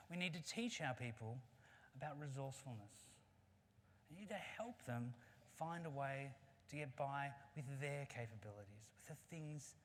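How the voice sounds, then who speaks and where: Brief: earnest keynote speaker, conversational storyteller, long reverb of a big hall. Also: male voice, mid-range voice, fairly bright tone, a little hiss or hum. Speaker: conference speaker.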